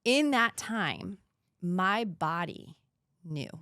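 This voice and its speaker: An American woman in her thirties, a podcast guest, tells a painful personal story earnestly, sometimes dropping to a hushed whisper. Her voice is on the low side, very animated, and very slow, recorded cleanly in a studio with no echo.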